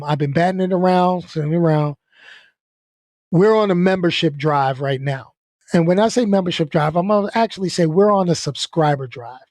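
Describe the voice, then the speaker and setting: YouTuber, male, casual and blunt, swears, laughs a lot; higher pitch, dry sound. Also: darkish tone, no echo. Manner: blunt, laid-back, swears, laughs easily. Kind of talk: casual venting vlog talk.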